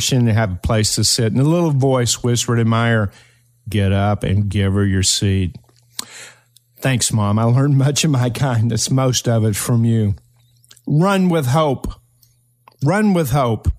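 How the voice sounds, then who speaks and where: An older man from eastern Kentucky, hosting his own podcast and telling a personal story in an earnest, motivational way with slow, emphatic phrases. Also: medium pitch, a little mellow. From eastern Kentucky, Appalachia. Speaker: podcast host.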